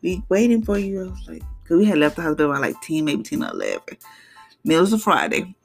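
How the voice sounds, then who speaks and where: A mother sharing an emotional personal testimony, halting and earnest, close to tears, with many restarts and repeated words. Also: low-pitched, huge pitch swings, vocal fry, husky, faint music behind.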